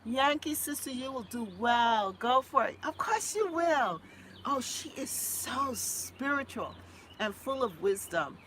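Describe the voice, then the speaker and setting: Speaking slowly in a high, sing-song voice, this Boston gardening host chats effusively and warmly with viewers over a phone-recorded live stream. There's slight background noise, and she breaks into her own little jingle.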